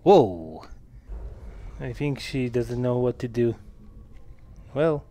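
A man giving casual gameplay commentary, excitable, swearing and laughing often with sudden loud outbursts. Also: medium pitch, takes it slowly, slight background noise. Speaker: gamer.

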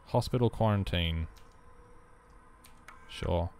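A man's voice: fairly low pitch, normal speed. Australian male streamer, scared horror gameplay commentary, jumpy and swearing, faint background hiss. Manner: jittery, swears a lot, nervous joking.

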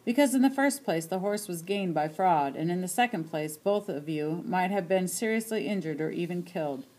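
A woman's voice: lowish voice, lively intonation, moderate pace, a little mellow. A bitter, hurt grown son, read by a woman.

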